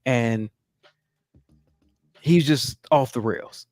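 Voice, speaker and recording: A man in his thirties, a podcast co-host, telling a story in casual chat, animated, swearing freely and laughing through it. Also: medium pitch, drawn-out words, no echo.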